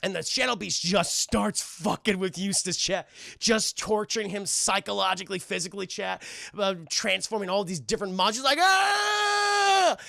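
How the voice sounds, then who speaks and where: A man's voice: high voice, steady tone, moderate pace, vocal fry, pushed and bright, no room sound, studio quality. A man streaming a casual cartoon recap, swearing freely and talking to his chat. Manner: profane, keeps addressing chat.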